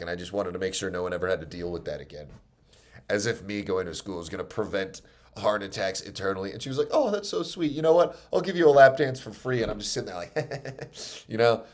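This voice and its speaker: A man with a New York accent, a stand-up comedian telling stories in a casual, rambling monologue, mocking himself and often restarting his sentences. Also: medium pitch.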